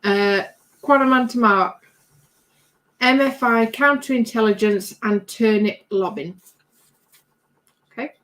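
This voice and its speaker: A British woman casually livestreams from her home craft bench, reading viewer comments aloud in a chatty, rambling way and laughing easily. Her voice is on the high side and fairly bright, and she speaks slowly with long pauses.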